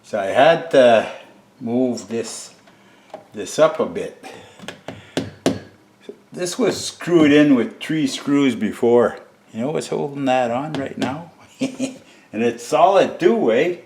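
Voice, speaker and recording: A man's voice: medium pitch, expressive, slow pace, long pauses, darkish tone, a little hiss or hum. A middle-aged man chuckling as he chats to viewers while showing a home repair. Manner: chuckling often, chatty, addresses viewers as folks. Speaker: DIY vlogger. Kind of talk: casual home-project demo.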